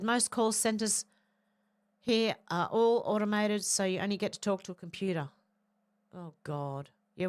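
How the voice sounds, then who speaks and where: A woman with a lowish, throaty voice reads viewer comments off her livestream chat. She answers each one with chatty asides and clears her throat now and then. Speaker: livestream host reading chat. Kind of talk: casual chat, reading viewer comments aloud.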